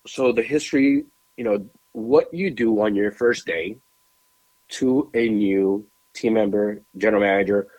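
A man co-hosting a podcast, telling a lively story with emphatic repetition into a studio mic. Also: on the low side, muffled recording. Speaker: podcast co-host. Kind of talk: animated storytelling chat.

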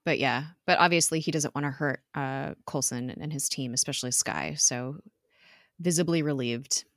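A woman's voice: very deep voice, moderate pace, dry recording, clean studio sound. A woman casually retelling a TV episode to a co-host, chatty, with fillers and laughs. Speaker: podcast co-host recapping a TV episode. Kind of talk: casual recap chat.

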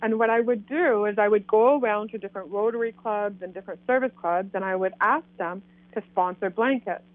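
Canadian woman, lively storyteller voicing quoted lines, heard through a thin, phone-like line. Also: medium pitch, a little fast, hardly any pauses, no room sound. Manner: animated, acts out quoted dialogue. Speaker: guest telling her story. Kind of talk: casual storytelling. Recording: tinny phone line, dry.

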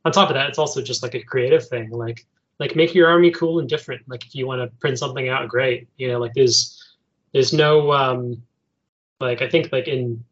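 A man's voice: mid-range voice, moderate pace, a bit bright. A man in casual podcast chat, easygoing and full of "like" fillers. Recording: dull lo-fi sound.

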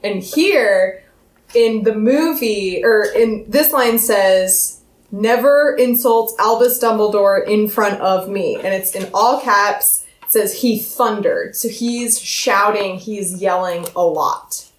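A woman co-hosting a book podcast in casual chat, animated and quoting passages from the book aloud. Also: medium pitch, slow. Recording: roomy echo.

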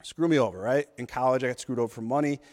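A man in his thirties hosts a podcast, delivering an intense, profane motivational monologue in a fast, mid-range voice with a little mellowness. The recording carries a long hall reverb.

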